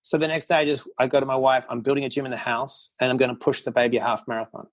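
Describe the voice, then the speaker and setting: A man's voice: mid-range voice, flat delivery, very fast. A middle-aged man, a podcast guest, tells a personal story candidly and bluntly, acting out quotes as he goes. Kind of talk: casual storytelling interview.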